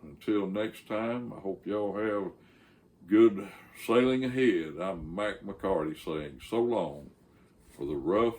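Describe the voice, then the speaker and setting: A man's voice: lowish voice, takes it slowly, a little mellow. An older man, the host of his channel, telling a folksy, rambling story with frequent fillers and restarts.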